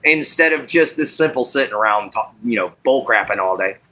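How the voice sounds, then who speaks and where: Bright-voiced Texan country host. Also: male voice, mid-range voice, animated, brisk, slight background noise. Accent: Southeast Texas country twang. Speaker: live-stream host. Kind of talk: casual live-stream chat.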